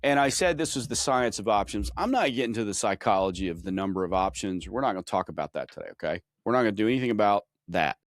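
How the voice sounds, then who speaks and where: A man with a low voice hosts a podcast and explains his points in an energetic, conversational way. The sound is dry and close, with no room echo. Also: fast, few pauses. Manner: energetic, explanatory, many restarts. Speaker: podcast host. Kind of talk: instructional podcast chat.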